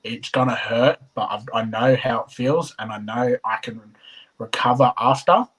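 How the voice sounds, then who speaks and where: A man's voice: mid-range voice, normal speed, fairly bright tone, slightly rough, low-quality recording. A man giving earnest interview answers, full of stumbling restarts. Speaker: competitor.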